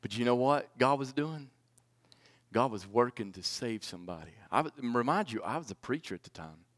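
A man in his forties preaching a personal testimony, swinging from loud pleading to hushed, low confession. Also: expressive, normal speed. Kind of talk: sermon testimony.

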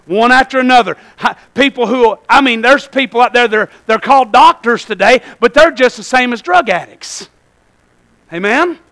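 A man preaching a sermon in a church, calling "Amen?" to the congregation and swinging between shouted points and quiet asides. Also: very high voice, normal speed. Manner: call-and-response, asking "Amen?". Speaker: pastor.

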